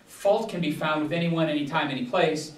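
A man's voice: fairly high pitch, a little fast. A man, a pastor, leading a Bible study in a casual, rambling way with frequent restarts. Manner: rambling, digressive, many restarts and fillers. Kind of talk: casual teaching talk. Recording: echoey room, distant mic.

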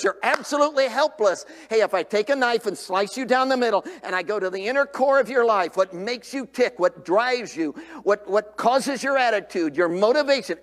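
High-voiced older preacher in a reverberant church. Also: male voice. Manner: animated, swings from shouts to near whispers. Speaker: revival preacher. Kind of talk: sermon. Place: church sanctuary.

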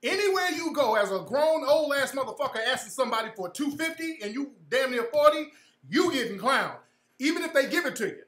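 A man talks with a bright, cutting edge as he hosts his own show. He tells a story in a profane, mocking way and laughs along at it. A roomy echo hangs around his voice. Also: extremely high pitch, lively intonation, a little fast. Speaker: podcast host. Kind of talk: casual storytelling monologue.

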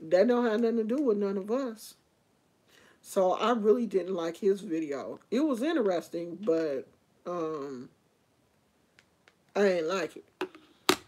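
A woman's voice: mid-range voice, animated, takes it slowly, long pauses, darkish tone, slight background noise. A woman vlogger in casual chat, rambling and opinionated as she talks to her viewers.

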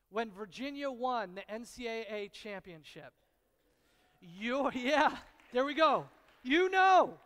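A pastor preaching a sermon, telling stories with repetition and dramatic pauses, swinging from hushed, intimate lines to loud, excited bursts. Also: male voice, very high voice. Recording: long reverb of a large hall.

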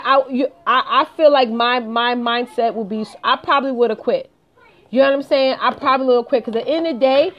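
A woman's voice: fairly high pitch, muffled recording. A woman speaking straight to her viewers in a motivational live stream, emphatic and repeating her points. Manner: emphatic, repeats phrases, addresses viewers directly. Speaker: home business consultant.

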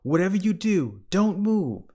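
A man voicing a blustery husband who shouts in alarm and tries to take charge, in a storybook read-aloud. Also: medium pitch, animated, moderate pace, pitched above the performer's own voice, lightly acted. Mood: panicked. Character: frightened husband, blustery and loud.

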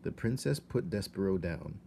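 Male teacher reading aloud, low, expressive, slight hiss behind. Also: moderate pace, vocal fry. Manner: expressive, shifts to hushed tones. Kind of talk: read-aloud storytelling.

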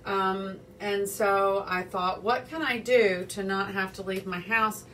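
A woman's voice: medium pitch, steady tone, slow pace, fairly bright tone, far from the mic. Casual woman cooking-show host, chatty and rambling, heard from a little way off the camera mic with faint background noise. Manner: chatty, rambling, self-deprecating. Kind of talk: casual home cooking livestream. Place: home kitchen. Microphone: phone or camera on small tripod, set back.

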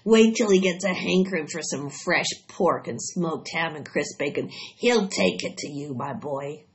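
A woman voicing a greedy, bloated male rat with a husky, hoarse voice and a slow, gloating drawl. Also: low voice. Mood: sneering. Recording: dull lo-fi recording.

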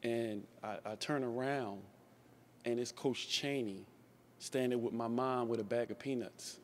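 A man's voice: medium pitch, fairly even intonation, a little slow, slight background noise. A man in his forties, a former player, tells anecdotes in a memorial speech, often restarting and repeating words. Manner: storytelling, repeats and restarts words, laughs along.

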